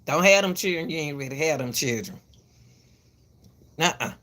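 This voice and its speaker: Low-pitched and expressive, this woman's voice moves at a moderate pace with a bit of brightness. Hosting a commentary channel, she speaks casually to the camera, repeating herself emphatically, scolding parents, calling viewers "baby", and frequently tripping and starting over.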